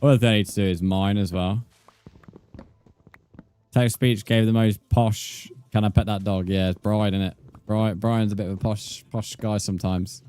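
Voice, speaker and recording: A man's voice: lowish voice, fairly even intonation, normal speed, mellow, smooth, no room sound, faint music behind. A man, chatting casually with viewers while he plays a game on a livestream and calling them mate. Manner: laid-back, chatty, calls viewers mate. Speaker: game streamer.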